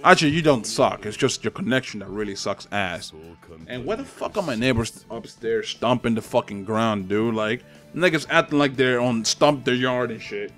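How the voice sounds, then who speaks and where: A man's voice: mid-range voice, moderate pace, a bit bright, soft background music. A young man giving profane, trash-talking commentary over online gameplay at home. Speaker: gaming channel host. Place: home apartment with neighbors upstairs.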